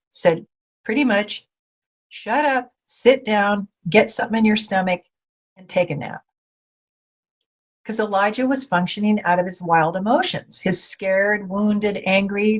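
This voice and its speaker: A woman speaking as a podcast guest, telling faith stories in lively conversation and acting out the voices she quotes. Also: medium pitch. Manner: animated storyteller, acts out quoted voices.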